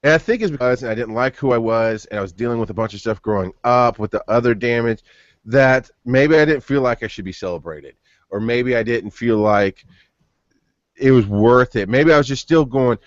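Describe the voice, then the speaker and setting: A man's voice: mid-range voice, moderate pace, dry recording. A man in his thirties hosting a podcast, telling long personal stories with many restarts. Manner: rambling storyteller with frequent restarts. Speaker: podcast host. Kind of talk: casual chat. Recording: dull lo-fi podcast audio.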